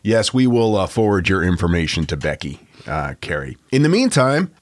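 A man co-hosting a podcast in casual chat, reading listener emails aloud in a relaxed way. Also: low voice, normal speed, dry recording. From Maine, US. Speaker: podcast co-host.

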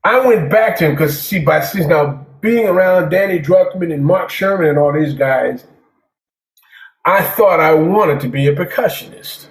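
A man's voice: fairly high pitch, moderate pace. A man who plays jazz drums, telling stories in a casual interview, rambling and peppering his talk with "man". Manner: rambling, repeats words, says "man" often. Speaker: jazz drummer guest. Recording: echoey room.

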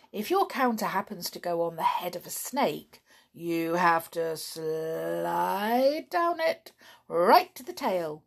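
A woman reading a children's storybook aloud in an expressive way with confiding asides. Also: fairly low pitch, gravelly.

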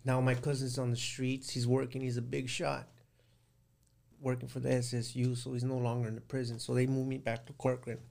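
Gravelly middle-aged man telling his story. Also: mid-range voice, flat delivery, a little fast, darkish tone. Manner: plain-spoken, rambling, with frequent restarts and "like". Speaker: guest recounting prison life. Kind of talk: casual storytelling interview.

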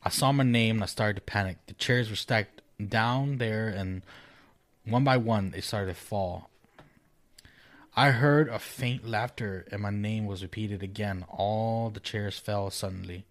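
A man with a lowish voice reads a creepy first-person story in a relaxed, unhurried way. Between passages he drops casual, profane remarks to his co-host. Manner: laid-back, swears casually, animated laughs. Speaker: co-host reading ghost stories. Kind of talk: casual chat and story reading.

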